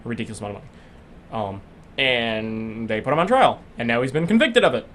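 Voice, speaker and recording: A man's voice: medium pitch, expressive, fast talker, a bit bright, slight background noise. A young man from Western New York co-hosting a casual chat, riffing sarcastically on the news with plenty of ums and restarts. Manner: sarcastic, joking, fillers and restarts. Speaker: podcast co-host.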